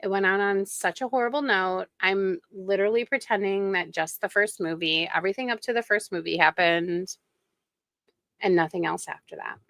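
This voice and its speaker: A woman's voice: mid-range voice, normal speed, gravelly, a bit bright, no echo. A woman streamer giving snarky, gossipy commentary while reacting to videos.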